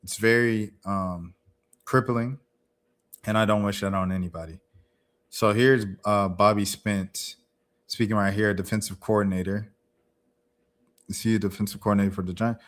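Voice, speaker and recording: A man hosting a casual news reaction stream, talking in an indignant, slangy way. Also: fairly low pitch. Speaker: host.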